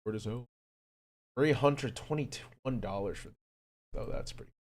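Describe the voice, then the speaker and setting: A man streaming casually, rambling and cursing often, with sudden jumps from mumbling to loud outbursts. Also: medium pitch, a little slow. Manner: rambling, profane, animated swings in loudness. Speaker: streamer reacting to music. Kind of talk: casual chat.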